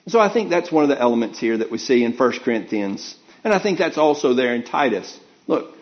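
A man's voice: mid-range voice, big pitch swings, brisk, hardly any pauses, highs cut off. A man giving a conversational sermon, earnest and thinking aloud with frequent restarts. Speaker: preacher teaching a Bible class.

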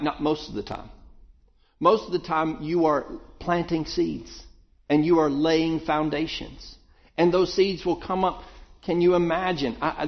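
A man with a slightly raised voice preaching a sermon in an easy, conversational way. He often circles back and repeats words as he thinks aloud. The recording sounds dull and lo-fi. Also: on the high side. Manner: conversational, thoughtful, with frequent restarts and repetitions.

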